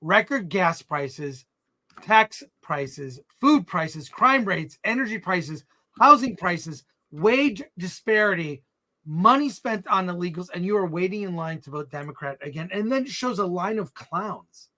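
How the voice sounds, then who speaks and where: High bright guy cohosting a livestream, jokey, reads memes out loud. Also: lively intonation, unhurried. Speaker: co-host. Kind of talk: livestream chat.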